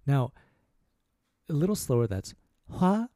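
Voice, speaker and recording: A man hosting a casual spoken language lesson, saying each phrase slowly and repeating it several times. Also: medium pitch, sing-song, mellow, no room sound, studio quality. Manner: slow, repeated demonstration of phrases. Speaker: language teacher, podcast host.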